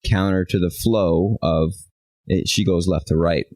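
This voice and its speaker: This man co-hosts a relationship podcast, chatting casually, telling stories with animation and acting out snippets of quoted dialogue. His voice is low and a little mellow, with fairly even intonation and a slightly slow pace, captured in a dry, low-quality recording.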